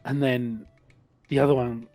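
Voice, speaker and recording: A man's voice: mid-range voice, flat delivery, a little slow, a little mellow, soft background music. A man with an Australian accent narrating a tabletop game as game master, hesitant and full of ums and sort-ofs.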